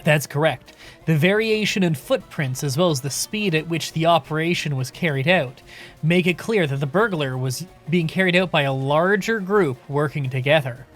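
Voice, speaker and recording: A man's voice: fairly high pitch, normal speed, fairly bright tone, faint music behind, natural voice. A man playing a stiff police spokesman. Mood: grave.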